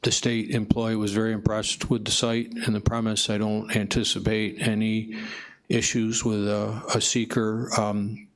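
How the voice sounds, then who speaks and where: A man giving an informal report to a county board, hesitant with many pauses and fillers. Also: lowish voice, monotone. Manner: hesitant, many ums and uhs. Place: county meeting room.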